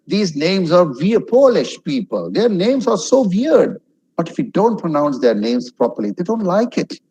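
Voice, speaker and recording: A man's voice: high voice, very animated, normal speed, dark tone, lo-fi sound. A middle-aged man from India giving a webinar talk on social skills, speaking conversationally with many fillers and acting out little example lines.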